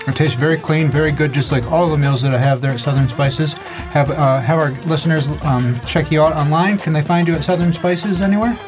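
Fast-talking upbeat New host. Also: male voice, fairly high pitch, steady tone, over music. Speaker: radio show host. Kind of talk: casual radio chat.

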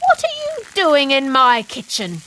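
A woman's voice: sits high, wildly swooping pitch, measured pace, sharp tone, full character voice, rough recording. A woman voicing a giant's motherly wife who scolds her husband and comforts the girl.

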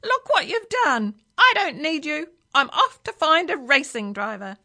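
A woman's voice: very animated, unhurried, sharp tone, full character voice. A woman voicing a bossy, speed-mad male parrot in a children's story, screeching her lines. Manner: shrill, screeching, pushy.

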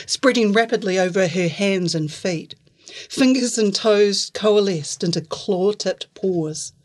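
A woman author reading her own fiction aloud in an even, clear storytelling manner. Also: mid-range voice. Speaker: author reading their work.

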